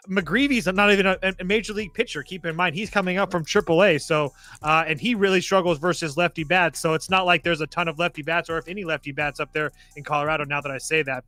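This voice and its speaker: A man's voice: on the high side, bright, forceful tone, no room sound. A man co-hosting a live betting show, working through a matchup in an analytical way with many fillers. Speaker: sports betting co-host. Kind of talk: casual live-stream betting talk.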